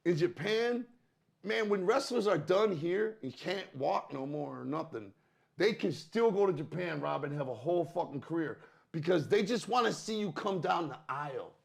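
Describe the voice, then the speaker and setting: Gravelly high-pitched man. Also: expressive, normal speed. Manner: blunt, rambling, swears freely. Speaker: podcast co-host. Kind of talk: casual profane chat.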